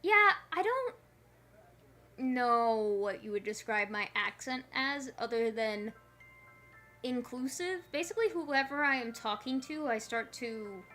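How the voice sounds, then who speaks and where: A woman streamer talks her way through a puzzle game in a loose, rambling, playful way. Her voice is bright and sits a bit high. Soft music plays quietly behind her. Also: lively intonation, a little slow. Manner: chatty, rambling, playful asides. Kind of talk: casual gameplay commentary.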